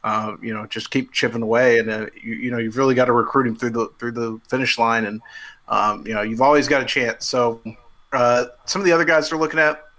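A man's voice: mid-range voice, steady tone, a little fast, pushed and bright. A man appearing as a guest recruiting reporter, talking in a loose, chatty way full of fillers and restarts. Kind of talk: casual podcast chat.

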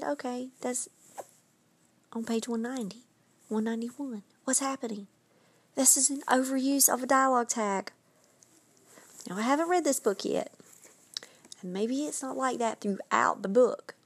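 A woman hosts a podcast of writing advice, chatty and emphatic, dropping in quick asides as she goes. Her voice sits at an ordinary middle pitch, and the recording is dry and close with no room sound. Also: dry recording. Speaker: podcast host and writing coach.

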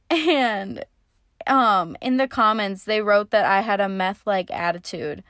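A woman's voice: mid-range voice, unhurried, fairly bright tone, no echo, studio quality. A young woman casually telling a story in a chatty, sarcastic way, swearing freely. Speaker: vlogger.

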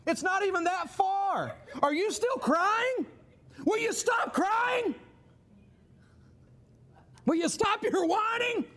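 A man playing an impatient, scornful adult who shouts and scolds with no sympathy. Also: very high-pitched, expressive, slow pace, long pauses, pitched above the performer's own voice, full character voice. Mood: scolding.

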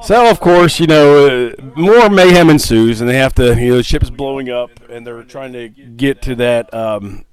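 A man's voice: medium pitch, normal speed, hardly any pauses, rough recording. A man co-hosting a casual movie podcast, joking around and dropping into silly voices. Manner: animated, jokey, slips into silly voices. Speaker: podcast co-host. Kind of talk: casual movie review chat.

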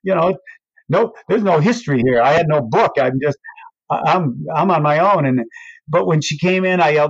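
A man's voice: animated, moderate pace, dry recording. An older man, a race announcer, telling a story and acting out the voices of the people in it. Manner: acts out quoted voices with big pitch swings. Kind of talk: animated storytelling. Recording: dull, dry recording.

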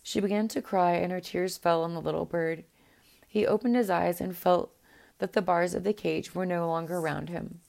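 A woman reading a fairy tale aloud in a gentle, unhurried way, with the odd small restart. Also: lowish voice, fairly even intonation, creaky. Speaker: storyteller. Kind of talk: storybook read-aloud.

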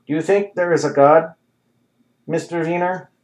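A man's voice: fairly high pitch, normal speed, a little mellow, pitched above the performer's own voice, lightly acted. A man voicing an agitated middle-aged man who rambles and rants about the universe. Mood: rambling. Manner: ranting, rambling.

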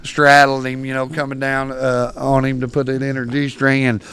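A man tells rowdy stories as a guest on a podcast. His voice is smooth and clear, and it sits at an everyday pitch. He laughs often and jumps into loud voices for the people in his tales. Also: completely flat delivery, normal speed. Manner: rowdy, laughing, acts out shouted quotes. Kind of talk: storytelling in casual chat.

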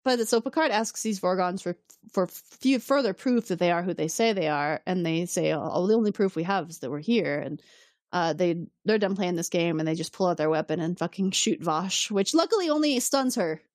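A woman's voice: fairly low pitch, lively intonation, normal speed, a little mellow, no echo, clean studio sound. Laughing woman recapping an episode. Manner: laughs often, acts out characters' lines. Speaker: podcast co-host. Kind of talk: casual recap chat.

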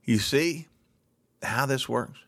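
A man's voice: medium pitch, slow, gravelly, a little hiss or hum. A middle-aged man hosting a solo talk show, ranting with sarcastic indignation.

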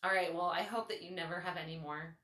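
A woman hosting a podcast, telling a story in a casual, animated, foul-mouthed way. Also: fairly low pitch, fast talker, roomy sound, distant mic. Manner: animated, swearing, lots of "like". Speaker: podcast host.

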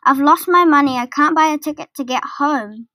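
A woman's voice: high-pitched, normal speed, bright, forceful tone, no room sound. A woman voicing a boastful, vain male toad. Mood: pleading. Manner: conceited, boasting.

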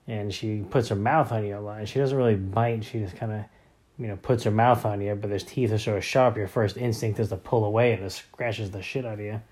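A man's voice: fairly low pitch, steady tone, a little fast, darkish tone. A man in his thirties, a father, talking casually about his family in a rambling way with many fillers and restarts. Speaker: father of young boys. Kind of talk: casual family vlog talk.

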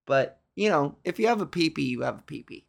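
A woman's voice: low voice, lively intonation, brisk, gravelly. A young adult woman hosting a solo podcast, rambling and ranting with plenty of swearing in casual monologue. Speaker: podcast host.

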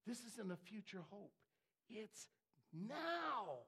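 A man preaching a sermon, dropping to hushed asides and then rising to shouted, fervent declarations. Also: high-pitched, sing-song, slow, slightly rough.

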